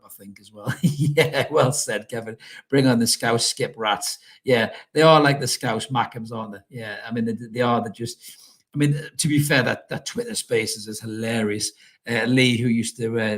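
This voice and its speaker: A man hosting a casual live stream, chatting loosely, swearing freely and calling his listeners mate. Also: mid-range voice. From North East England. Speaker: fan channel host reading live chat.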